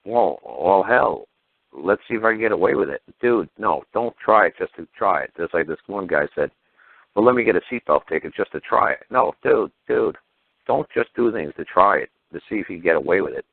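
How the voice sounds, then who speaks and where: A man's voice: low-pitched, animated, normal speed, vocal fry, breathy edge, no echo. A man hosting a call-in radio show, telling stories in a blunt, heated, profane way. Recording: phone-like narrow audio.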